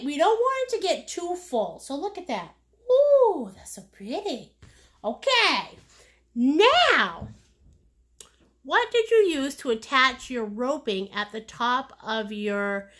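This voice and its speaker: A woman's voice: sits high, a bit bright. A woman teaching a live-streamed painting class, bubbly and playful as she chats with her viewers. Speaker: painting instructor.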